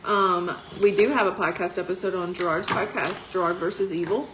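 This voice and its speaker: A woman's voice: on the low side, fairly even intonation, fairly quick, background noise. A woman, a headlining comedian, chatting casually and teasing her co-host, laughing easily. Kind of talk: casual chat.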